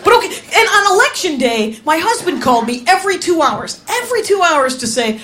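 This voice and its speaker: Animated high-voiced woman doing stand-up. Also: brisk, hardly any pauses. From Wisconsin, USA. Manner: animated, laughing storytelling with acted-out quotes. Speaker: stand-up comedian. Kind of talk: stand-up comedy set. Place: comedy venue in front of an audience. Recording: live club with crowd noise. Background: audience laughter.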